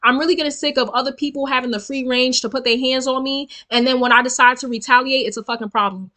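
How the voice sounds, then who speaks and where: A young woman, telling a storytime vlog in an animated, profane, emphatic way straight to her viewers. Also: high-pitched, fast talker. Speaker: storytelling vlogger. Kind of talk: casual storytime rant.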